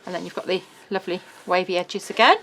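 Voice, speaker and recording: A woman's voice: lowish voice, a bit bright, a little hiss or hum. A middle-aged woman, presenting a craft album in a casual, bubbly walkthrough. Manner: chatty, bubbly, quick laughs.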